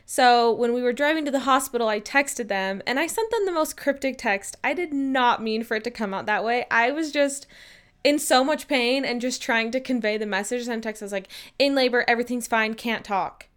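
A woman in her twenties tells a personal story to camera in a casual vlog. She is chatty and upbeat and slips into animated quotes. Her voice is smooth, clear, and a touch high. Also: normal speed. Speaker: vlogger.

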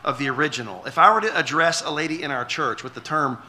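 Bright-voiced man preaching a conversational sermon. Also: a little high, expressive, fast talker. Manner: conversational, repeats words when restarting; asks the congregation questions. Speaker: pastor.

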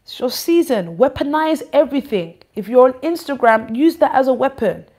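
A woman giving an informal church address, animated, teasing and scolding. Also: high voice, normal speed. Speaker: church leader.

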